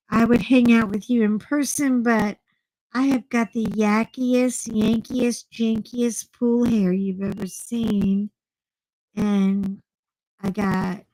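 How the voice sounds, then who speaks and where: Chatty Texan woman, slow and fairly high. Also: poor audio. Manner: rambling, chatty, profane. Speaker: vlogger. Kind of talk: casual chat.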